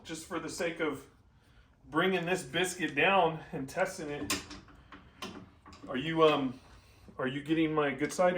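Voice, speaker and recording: A man hosting a casual bike build vlog, excitable and joking, often stammering and restarting his sentences in a home workshop. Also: on the high side, noisy background. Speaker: channel host.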